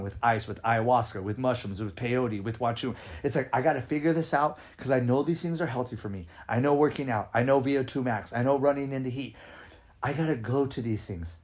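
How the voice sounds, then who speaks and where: A male podcast host who's also a dance coach talks in casual conversation, energetic and emphatic, often asking "right?" and swearing now and then. His voice is medium in pitch.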